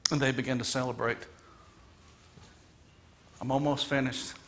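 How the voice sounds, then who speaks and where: A man's voice: mid-range voice, little pitch movement, moderate pace, a bit bright, slight background noise. A man delivering a sermon as guest minister in a church, earnest and emphatic, retelling a story dramatically. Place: church sanctuary.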